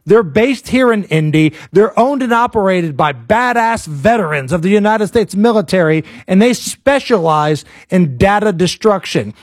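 A man's voice: high-pitched, dry recording, studio quality. A man hosting a talk radio show, joking loosely and reading ads in a casual way. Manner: loose, joking, quick asides. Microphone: studio mic.

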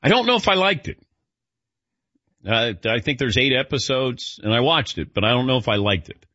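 Lively, bright-voiced male radio host. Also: medium pitch, moderate pace, dry recording, muffled recording. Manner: animated storyteller, calls on cohosts by name. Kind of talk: casual on-air banter.

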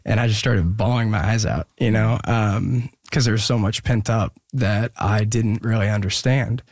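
A man's voice: on the low side, fairly even intonation, darkish tone, no room sound, clean studio sound. Earnest young man telling his story. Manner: earnest, reflective, halting. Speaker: interview guest. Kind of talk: personal storytelling in an interview.

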